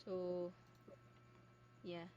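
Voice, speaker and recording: A young woman streaming a game, chatting casually and reading its dialogue aloud on a low-quality mic. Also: completely flat delivery, extremely slow, mellow, highs cut off, slight background noise. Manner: chatty, full of "like" and restarts.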